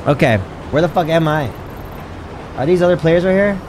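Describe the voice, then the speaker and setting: A man's voice: on the high side, moderate pace, background noise. A man giving live commentary while he plays a video game, talking to his chat, reading menus aloud, and swearing and yelping when caught off guard. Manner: excitable, swears often, yelps in surprise. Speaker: gaming streamer.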